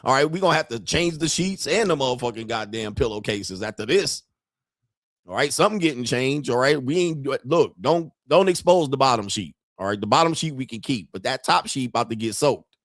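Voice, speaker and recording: A man hosting a commentary channel, telling jokey stories in a loud, profane, animated way. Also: mid-range voice, fairly quick, no echo, clean studio sound. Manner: profane, joking, animated storytelling. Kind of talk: casual commentary.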